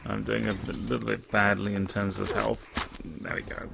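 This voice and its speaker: A man's voice: lowish voice, monotone, moderate pace, creaky, over music. A man co-hosting a casual let's-play, making dry, offhand remarks on a PC microphone. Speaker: co-host gamer. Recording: game gunfire and noise behind.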